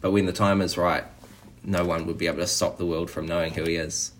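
Casting: man, low-pitched voice, preacher, conversational sermon with easy restarts. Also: little pitch movement, fairly quick, a little hiss or hum. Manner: conversational, frequent "you know" and restarts.

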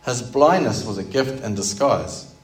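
A man's voice: mid-range voice, expressive, a little slow. A man preaching a sermon, earnest and explanatory, who asks rhetorical questions as he goes. He sits back from the microphone, and his voice rings in a roomy, echoing space. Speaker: pastor. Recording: roomy, from a distance.

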